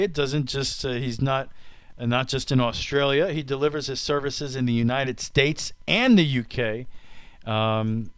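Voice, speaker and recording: A man's voice: medium pitch, a bit bright, clear, resonant tone, no room sound. A man co-hosting a podcast in casual chat, telling stories with joking acted-out quotes. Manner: jokey storyteller, acts out quotes. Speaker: podcast co-host.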